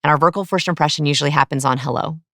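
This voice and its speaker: A woman's voice: low-pitched, rapid-fire, no room sound, studio quality. A woman in her thirties, a guest expert, explaining eagerly in an interview and acting out examples. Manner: animated, explanatory, acts out examples. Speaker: guest, body language expert.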